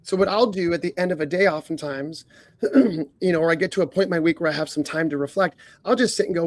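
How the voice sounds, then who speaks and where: Man, leadership coach, podcast talk, earnest, frequent throat clearing, strings of rhetorical questions, high voice, dry close sound. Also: quick pace, no room sound.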